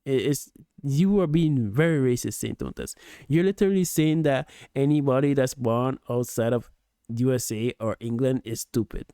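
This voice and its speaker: A man in casual reaction commentary, his voice dark and mellow and close to the mic in a dry, dead room. He talks patiently, stumbles and repeats words as he explains his point. The pitch sits in a middle register. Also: normal speed, smooth, no room sound. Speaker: streamer reacting to a video.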